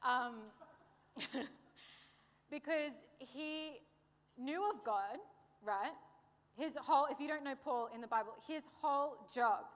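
A young woman preaching a sermon in a lively way, with joking asides and calls for an amen. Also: fairly high pitch. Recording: long hall reverb.

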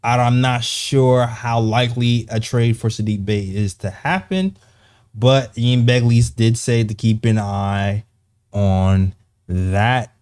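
A man's voice: medium pitch, darkish tone, clear, resonant tone. Rambling male basketball show host. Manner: loose, rambling, quick to laugh. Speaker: podcast host. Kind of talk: casual basketball chat.

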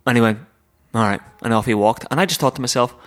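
A man's voice: medium pitch, rapid-fire, a bit bright. A man co-hosting a podcast, telling a self-deprecating story in casual chat. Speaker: podcast co-host.

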